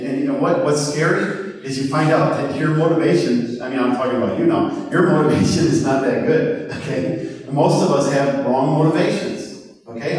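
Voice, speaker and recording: A man preaching a sermon in a conversational, halting way, repeating words and asking the crowd questions. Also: medium pitch, darkish tone. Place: church hall. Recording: roomy hall from far off.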